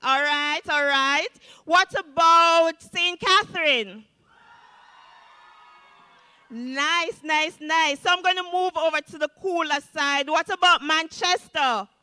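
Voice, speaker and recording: A high-pitched woman emcees a live recitation contest, her bright voice ringing through a hall with a long reverb tail. She speaks at an unhurried pace and keeps calling on the audience to cheer. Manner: upbeat, calls on the audience to cheer. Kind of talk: live event announcing.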